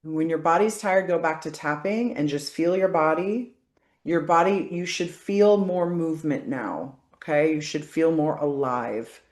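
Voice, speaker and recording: A woman facilitating a guided body-work session, coaching calmly and often checking in with "okay?". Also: low voice, unhurried, reverberant.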